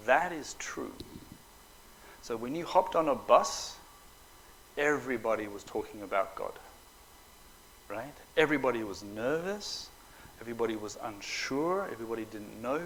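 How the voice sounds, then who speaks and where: A middle-aged man telling personal stories to an audience at a Bible school, animated and joking, acting out the quotes. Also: mid-range voice, moderate pace, pauses often, slight background noise, rough recording. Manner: animated storyteller, acts out quotes, joking asides. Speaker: preacher. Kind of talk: storytelling talk to an audience.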